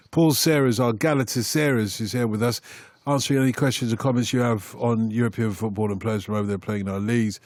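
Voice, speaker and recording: A man's voice: mid-range voice, fairly even intonation, brisk, a little mellow, no echo, studio quality. A man hosting a live radio phone-in, playful and teasing, laughing often with his guests.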